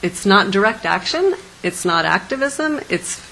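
A woman's voice: mid-range voice, very animated, measured pace, gravelly, sharp tone, slight background noise, rough recording. A woman artist answering questions about her work at a conference, thoughtful and hesitant with many fillers. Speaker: presenting artist.

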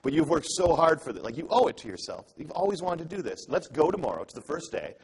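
A man's voice: on the high side, very animated, fast, a little mellow, breathy edge, rough recording. A young adult man giving an earnest, conversational talk to an audience, telling a story and acting out the dialogue in it. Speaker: public speaker.

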